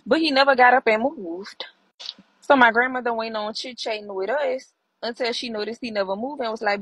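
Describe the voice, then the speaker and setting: Woman storyteller, husky, dry close sound, lively and colloquial. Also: on the high side, fairly quick, no echo, poor audio. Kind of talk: storytelling in a stitched clip.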